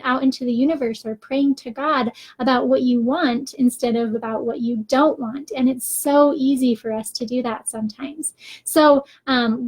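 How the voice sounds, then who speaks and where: A woman's voice: a little high, darkish tone. A woman coaching viewers in a chatty, upbeat live video, with frequent ums and small laughs. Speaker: faith-based business coach.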